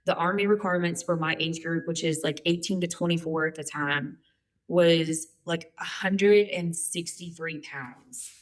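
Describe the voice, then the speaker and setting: A woman's voice: lowish voice, fairly even intonation, unhurried. A woman in her forties telling her life story as a guest, chatty and humorous with lots of fillers. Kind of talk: candid personal storytelling.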